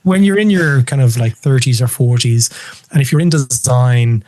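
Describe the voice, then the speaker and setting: An Irish man talking as a podcast guest in a relaxed conversational way, telling animated anecdotes and acting out the voices of the people in them. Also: medium pitch, normal speed. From Ireland. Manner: animated storyteller, acts out quoted voices. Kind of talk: casual chat.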